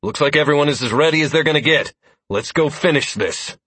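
A male narrator voicing a young male adventurer who leads the party, speaking in an urgent, excitable way. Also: on the high side, fairly quick, husky, no echo, pitched above the performer's own voice. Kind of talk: audiobook character voice.

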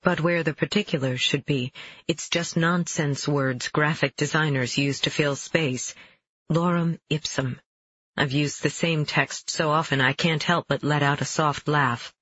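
A man narrating a first-person novel in a measured, even storytelling voice, on a dull, dry recording. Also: fairly high pitch, breathy edge, no echo. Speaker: audiobook narrator.

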